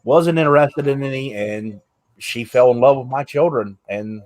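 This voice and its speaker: A male podcast host in relaxed conversation. He speaks candidly and earnestly at a mid pitch, with the odd curse word thrown in. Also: normal speed. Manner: candid, earnest, swears freely. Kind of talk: casual chat.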